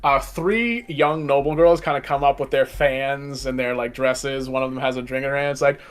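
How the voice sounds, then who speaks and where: A man's voice: mid-range voice, normal speed, clear, resonant tone. A man running a tabletop game as game master, narrating in a loose, casual way full of fillers.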